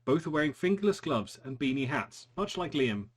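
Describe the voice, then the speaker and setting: A man narrating a tabletop game as game master, halting with frequent ums. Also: on the high side, big pitch swings, breathy edge. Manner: hesitant, many ums and restarts.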